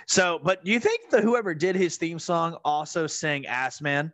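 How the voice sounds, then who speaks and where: A man co-hosting a podcast, telling his reactions in an animated, jokey, profane way. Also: on the high side, moderate pace, no room sound. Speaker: podcast co-host. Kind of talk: casual chat reviewing wrestling.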